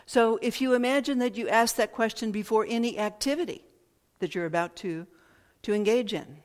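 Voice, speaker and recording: A woman giving a thoughtful, reflective talk at an unhurried pace, often repeating phrases and pausing to find words. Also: a little high. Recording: long hall reverb.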